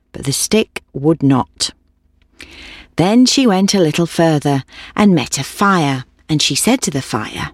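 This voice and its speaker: Lively female storyteller, dry sound. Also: low voice, unhurried, no echo. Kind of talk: scripted storybook narration.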